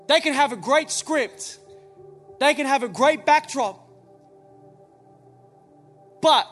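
A man's voice: extremely high pitch, fairly bright tone. A man preaching a sermon as pastor on a church stage, emphatic, with many rhetorical questions.

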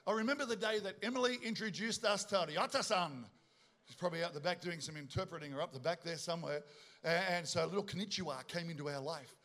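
A man's voice: high-pitched, fast. A middle-aged man preaching a sermon, telling jokey stories and bantering with the congregation. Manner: animated, joking storyteller with asides to the congregation. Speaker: pastor.

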